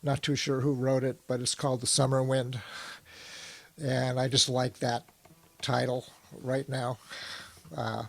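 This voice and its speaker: A man's voice: mid-range voice, little pitch movement, unhurried, creaky, pauses often. A man on a video call from home chatting about his audio setup with lots of fillers, then singing along to his guitar. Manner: rambling, with many fillers. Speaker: song circle performer. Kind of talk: casual chat and singing with guitar. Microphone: computer mic on a video call.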